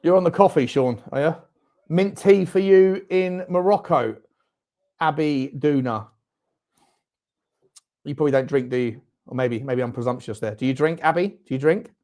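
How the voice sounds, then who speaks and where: A man's voice: a little high, normal speed, pauses often. A man hosting a live football watchalong, chatting with viewers between outbursts at the game. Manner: chatty, reads out viewer comments, bursts into shouting at the referee and chances. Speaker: fan watchalong host.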